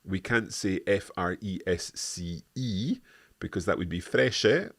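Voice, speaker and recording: Low-voiced man teaching. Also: measured pace. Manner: chatty, self-correcting, laughs often. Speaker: language lesson co-host. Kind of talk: live online language lesson.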